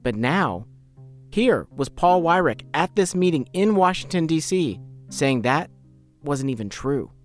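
A man hosting a podcast, narrating a story in a measured, explanatory way. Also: a little high, expressive, soft background music. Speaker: podcast host.

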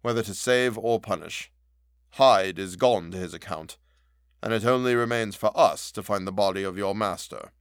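A stern, commanding lawyer, as a male narrator puts him on, raising his voice high and loud in forceful demands. The sound is dry and close, with nothing of a room around it. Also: moderate pace, no room sound, close to an everyday voice.

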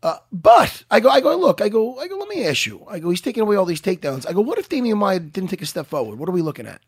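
A man co-hosting a podcast, telling a story in a casual, animated way and acting out other people's voices. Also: sits high, very fast, breathy edge, no echo. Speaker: podcast co-host. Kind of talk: casual chat.

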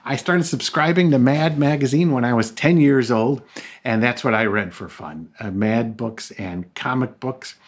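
A man's voice: medium pitch, moderate pace. Jokey middle-aged man telling stories. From Buffalo, New York, raised in Tennessee. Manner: jokey storyteller, puts on voices in anecdotes. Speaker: author guest. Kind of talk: interview chat.

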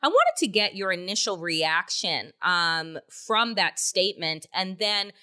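With big pitch swings and a bright, forceful tone, a woman hosts a political podcast at a measured pace in a medium-pitched voice. Her commentary is angry and opinionated, heavy on swearing and rhetorical questions.

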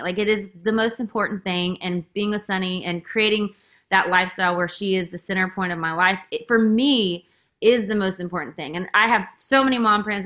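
A woman's voice: medium pitch, bright, forceful tone. A woman hosting a podcast, chatting in an emotional, effusive way and saying "like" constantly. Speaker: podcast host. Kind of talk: casual interview chat.

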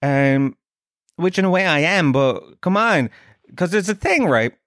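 A man's voice: a little high, lively intonation, unhurried, fairly bright tone, no room sound, clean studio sound. A middle-aged Irish man from Dublin hosting a podcast, telling self-mocking comic stories full of swearing. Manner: sweary, self-mocking storytelling with put-on voices. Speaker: podcast host. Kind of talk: comic monologue.

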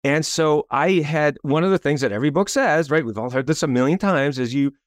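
A man's voice: on the high side, fairly quick, dry recording, studio quality. A man, a coach and author, telling a story as an interview guest, acting out quotes and asking "right?" again and again. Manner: lively, acts out quotes, frequent "right?".

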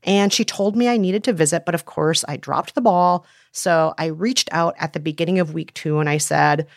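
A woman's voice: low-pitched, moderate pace, creaky, no echo, clean studio sound. A woman co-hosting a podcast, telling her story in an enthusiastic, chatty way. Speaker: podcast co-host. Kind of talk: casual chat and storytelling.

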